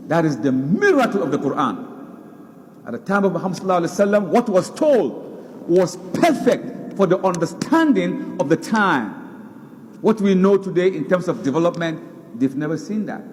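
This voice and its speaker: Male preacher, high voice, lively swinging pitch, emphatic, long hall reverb. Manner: emphatic, repeats words for stress. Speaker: Islamic preacher. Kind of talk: sermon lecture.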